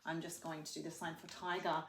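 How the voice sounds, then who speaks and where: A woman's voice: sits low, level tone. A young woman, a speech pathologist, leads a children's lesson, teaching hand signs and singing a simple animal song in a sing-song way. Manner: sing-song, slow and clearly paced for a child. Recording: roomy echo.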